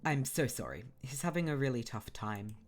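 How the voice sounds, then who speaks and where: A woman's voice: a bass voice, animated, moderate pace, over music. A woman voicing a flustered, strict middle-aged father and teacher in a video game, exasperated and apologetic.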